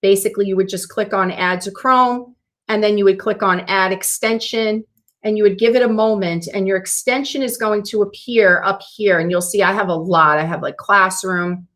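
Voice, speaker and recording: A woman leading a teacher training over a video call, walking through software steps casually, and she says she is losing her voice. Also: medium pitch, fairly even intonation, normal speed. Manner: explains steps casually with fillers. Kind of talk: screen-share training session.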